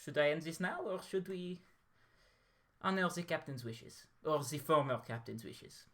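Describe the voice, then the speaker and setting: A woman's voice: low-pitched, lively intonation, a little slow. A woman voicing a blunt, dismissive French sailor man in a tabletop game, with an offhand delivery. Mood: mocking.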